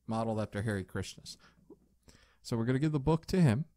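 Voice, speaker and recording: A man casually commenting as he plays an old adventure game, relaxed and chatty, with jokey asides. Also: medium pitch, fairly quick, no echo, studio quality. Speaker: let's play host.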